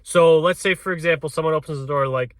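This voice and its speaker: A realtor coaching door knocking talks casually and fast, often capping points with "right?" and restarting his words. His voice is fairly high-pitched with a fairly bright tone and no echo.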